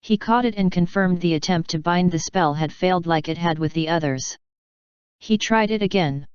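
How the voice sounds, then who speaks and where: A woman narrates a story with a steady, even delivery. Her voice is sits a little low and is exceptionally clean. The recording is dry with a somewhat dull, lo-fi tone. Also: normal speed, clean tone, no echo. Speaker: fanfiction reader. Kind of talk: audiobook narration.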